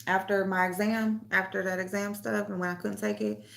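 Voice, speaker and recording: A woman's voice: medium pitch, level tone, brisk, gravelly. A woman hosting a casual chat, telling stories loosely with lots of laughing and swearing, and speaking. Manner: loose storytelling, laughs often, swears freely, reads comments aloud. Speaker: host.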